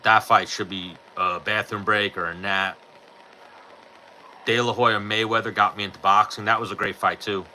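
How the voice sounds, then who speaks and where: Blunt, sharp-voiced New guy. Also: lowish voice, a little hiss or hum, poor audio. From New York. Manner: blunt, profane, offhand. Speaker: podcast host answering live chat. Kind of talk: casual chat.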